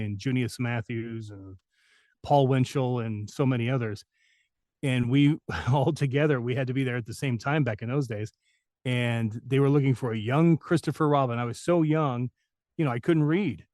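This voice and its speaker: A man's voice: mid-range voice, darkish tone, dry recording. Rambling man telling showbiz stories, dry. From New Mexico. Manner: rambling anecdotes with many fillers and restarts. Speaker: voice actor guest. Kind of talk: interview storytelling.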